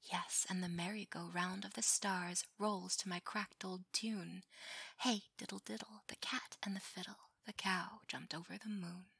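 A woman's voice: lowish voice, fairly even intonation, a little slow, gravelly, a bit bright, slightly rough, no room sound, studio quality, exaggerated voice. A woman voicing a mad old man crooning to a doll, in a whispered sing-song role-play.

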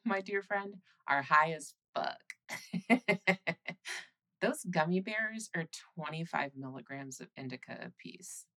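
A woman as a husky, soothing girlfriend. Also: low voice, full character voice. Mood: teasing. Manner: soothing, reassuring, laughs softly. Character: caring, teasing young girlfriend. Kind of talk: whispered role-play.

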